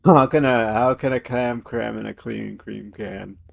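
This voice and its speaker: A man's voice: on the low side, unhurried, vocal fry. A man streaming a game live, chatting playfully and laughing as he stumbles over tongue twisters. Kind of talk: live gameplay commentary.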